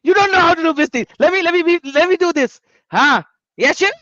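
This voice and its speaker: A man's voice: very high-pitched, expressive, quick pace, bright, forceful tone, dry recording, lo-fi sound, pitched above the performer's own voice, heavily acted. A man putting on an exaggerated Punjabi accent to taunt someone, repeating the same question. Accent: Punjabi, put on. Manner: taunting, repetitive.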